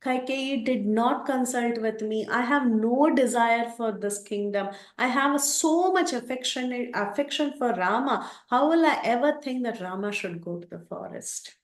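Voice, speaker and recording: A woman's voice: a little high, a little slow, hardly any pauses, pitched above the performer's own voice, natural voice. A woman voicing an anguished young prince who pleads his innocence in a raised, urgent voice, recorded in a roomy space. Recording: roomy echo.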